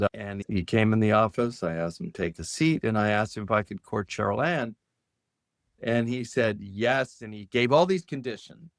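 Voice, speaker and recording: A middle-aged man telling a personal story as a podcast guest, lively, raising his voice high when he quotes people. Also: no echo, clean studio sound. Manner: animated storyteller, lifts his pitch sharply when quoting others. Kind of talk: storytelling in conversation.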